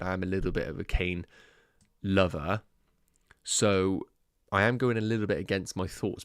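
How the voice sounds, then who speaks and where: A man's voice: fairly low pitch, no echo, clean studio sound. A man hosting a fantasy football livestream, thinking aloud in a chatty way and talking to his viewers as guys. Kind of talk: casual livestream chat.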